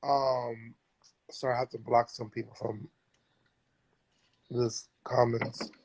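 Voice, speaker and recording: A young man chatting casually on a phone live stream and telling a story in animated, slangy talk. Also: medium pitch, slow, breathy edge. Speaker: drag performer hosting a live stream.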